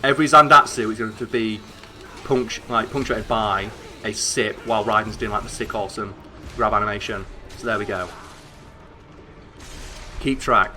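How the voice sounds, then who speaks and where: A young man with a northern English accent, chatting excitably and swearing as he streams a game, rambling with lots of fillers. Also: fairly low pitch, moderate pace, pauses often. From northern England. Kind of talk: casual gameplay commentary.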